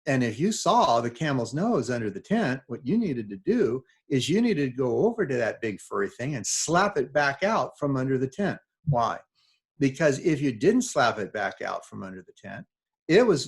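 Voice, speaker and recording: An older man speaks to students in a lecture, telling stories with quoted dialogue in a conversational, emphatic manner. His voice is mid-range and slightly rough.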